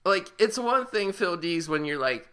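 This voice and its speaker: A man's voice: high-pitched, big pitch swings, unhurried, pushed and bright, smooth. A man co-hosting a podcast, giving a profane, rambling movie recap and laughing often. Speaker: podcast co-host. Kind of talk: casual movie review chat.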